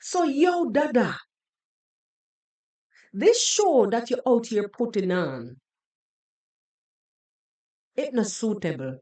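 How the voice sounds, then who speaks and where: A woman's voice: fairly high pitch, big pitch swings, slow, pauses often, warm tone. A Jamaican woman hosting a podcast, giving sarcastic, scolding reaction commentary on a video and slipping into patois. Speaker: podcast host.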